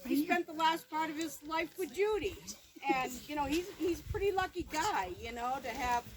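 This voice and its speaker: A middle-aged woman sharing memories at a family memorial gathering, telling stories in a halting, rambling way with many restarts. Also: high-pitched. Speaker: former daughter-in-law sharing memories. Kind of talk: informal memorial remembrance.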